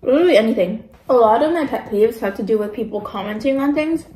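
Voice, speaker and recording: A woman's voice: on the high side, animated, fast talker, warm tone, roomy sound, poor audio. A young woman vlogging casually while eating, ranting about pet peeves with lots of fillers. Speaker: mukbang vlogger.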